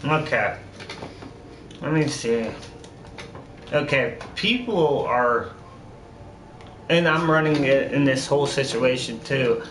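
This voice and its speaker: A man's voice: mid-range voice, lively intonation, slow pace, long pauses. A man streaming a game, chatting casually and repeating words for emphasis as he rambles. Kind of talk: casual gameplay commentary. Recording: echoey room with faint noise.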